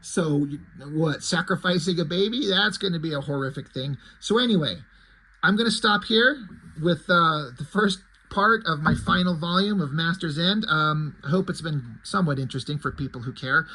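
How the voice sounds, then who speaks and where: A man's voice: on the high side, normal speed, bright, forceful tone, slightly rough, rough recording. A man casually walking through the pages of his own fan comic, retelling it in a loose, rambling way with many self-corrections.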